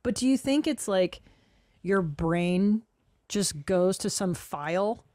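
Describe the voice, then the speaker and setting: A woman's voice: medium pitch, lively intonation, takes it slowly, a little mellow, no room sound, clean studio sound. A woman comedian co-hosting a podcast, chatting in a laid-back, slangy way. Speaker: podcast co-host, stand-up comic. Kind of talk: casual comedy podcast chat.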